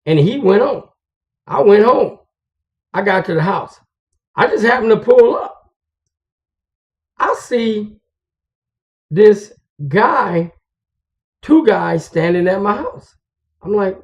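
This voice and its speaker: A man's voice: high-pitched, animated, slow pace, gravelly, long pauses, a little mellow. A man, a truck driver, telling stories and giving advice to fellow drivers in a casual, slangy, confiding way. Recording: dull lo-fi recording.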